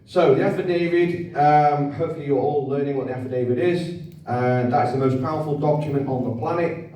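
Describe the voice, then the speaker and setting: A man's voice: a little high, a little fast, warm tone. A man giving a conversational, repetitive talk to an audience, often asking them to agree. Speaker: speaker at a public event. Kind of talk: informal lecture to an audience. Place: hall. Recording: echoey hall, voice from far off.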